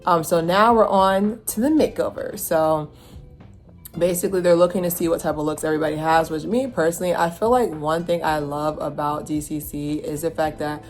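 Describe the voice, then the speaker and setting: A woman's voice: low voice, brisk, faint music behind. A woman chatting casually as she reviews a show, rambling with lots of fillers and restarts.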